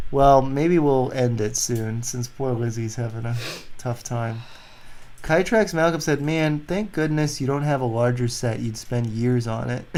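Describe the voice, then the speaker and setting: A man's voice: medium pitch, a little mellow. A man hosting a casual livestream, chatting loosely and reading viewer comments aloud. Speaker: livestream host.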